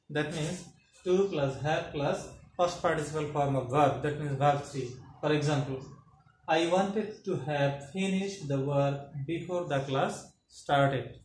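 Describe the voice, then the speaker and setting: A man's voice: fairly high pitch, a little mellow. A man teaching an English grammar lesson, explaining step by step and checking in with "okay" and rhetorical questions. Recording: echoey room with faint ambient noise.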